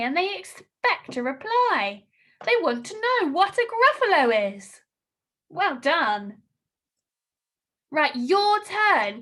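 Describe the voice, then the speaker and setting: A woman's voice: high voice, a bit bright. A woman primary school teacher giving a recorded online lesson, encouraging and sing-song as she reads and asks questions. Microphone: computer mic while screen-sharing.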